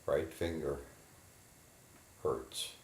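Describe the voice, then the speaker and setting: A man in a guided imagery therapy session, slowly and haltingly describing what he feels in his body. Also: very deep voice, roomy sound, slight background noise. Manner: slow, halting, inward reporting of body sensations. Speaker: therapy client.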